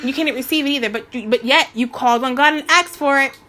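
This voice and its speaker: A woman in her twenties giving a casual, slangy spiritual rant to her viewers, animated and preachy with many restarts. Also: high-pitched, quick pace. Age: 20s. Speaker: spiritual vlogger.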